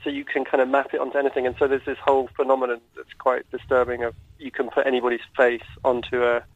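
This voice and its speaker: A man calling in as a guest, hesitant and halting, explaining things softly. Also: mid-range voice, flat delivery, no room sound. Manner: hesitant, halting, soft-spoken. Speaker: guest caller. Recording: dull lo-fi call line.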